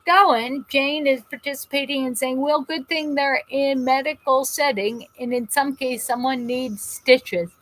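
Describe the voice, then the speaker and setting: A talkative woman hosts a live show, reading viewer comments aloud and wandering through her stories. Her voice sits a little high, and she often restarts her sentences. She is speaking through pain. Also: unhurried, few pauses, no room sound, low-quality recording. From New Jersey. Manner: rambling and animated, with frequent restarts. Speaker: host of a live call-in show.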